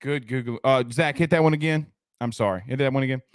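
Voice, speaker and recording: Chatty sports talk host. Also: male voice, mid-range voice, fast talker, clean tone, dry recording, studio quality. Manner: loose, chatty, slangy, reads viewer comments aloud. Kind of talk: casual live-stream sports talk with host-read ad.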